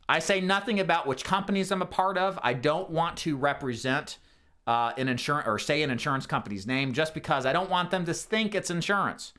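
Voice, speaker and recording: A man coaches agents through a sales script, reading out sample lines and then breaking down why each one works. His pitch moves a lot as he talks. His tone is bright and pushes forward. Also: animated, a little fast. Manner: explains a phone script, acting out sample lines. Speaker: insurance sales trainer. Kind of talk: sales training walkthrough.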